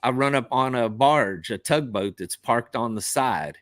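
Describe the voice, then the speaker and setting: A man with an average pitch gives plain cautionary advice to other anglers. He tells his boating stories in a casual podcast chat over a remote call. The sound is dry and close. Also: measured pace, fairly bright tone, no echo. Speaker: fishing captain, podcast co-host. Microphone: remote call over wifi.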